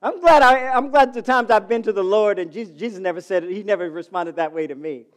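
A middle-aged man preaching a sermon as pastor, calling out to the congregation and swinging from loud to soft. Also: high voice, fast talker. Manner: calls to the congregation.

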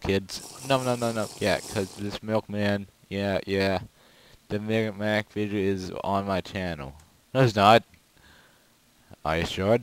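A man giving casual, rambling gameplay commentary with goofy, excitable outbursts. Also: fairly low pitch, low-quality recording. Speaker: gaming video creator.

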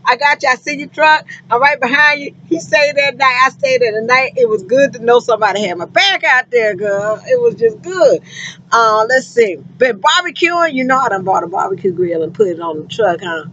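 A woman vlogging from her truck cab, chatting with viewers and sprinkling every thought with honey and girl. Her talk swings between low asides and high exclamations. The sound is dull and lo-fi, with a faint vehicle hum underneath. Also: normal speed. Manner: animated, endearments like honey and girl. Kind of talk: casual chat to viewers.

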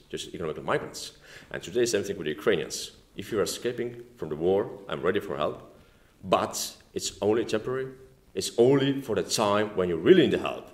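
A man from Estonia with an Estonian accent and non-native English, giving a speech at a formal dinner with many halting "like"s and "uh"s. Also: deep voice. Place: banquet room at a formal dinner. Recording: echoey dining hall.

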